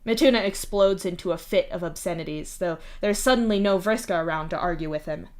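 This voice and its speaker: A woman's voice: fairly low pitch, brisk. Woman reading fanfiction aloud. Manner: steady second-person narration. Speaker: fanfiction reader.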